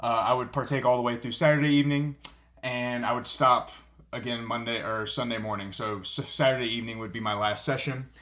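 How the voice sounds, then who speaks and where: A young man hosting a fitness podcast, talking in a calm, earnest, reflective way with frequent filler words. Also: mid-range voice, fairly quick. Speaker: podcast host and personal trainer.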